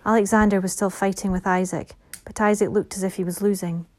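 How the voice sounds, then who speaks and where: A woman narrating a fantasy audiobook in a soft, measured reading voice that drops to a whisper at times. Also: medium pitch, fairly even intonation.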